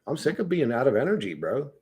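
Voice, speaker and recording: A man's voice: medium pitch, a little mellow. A man chatting casually on a livestream, rambling and swearing, often restarting his words.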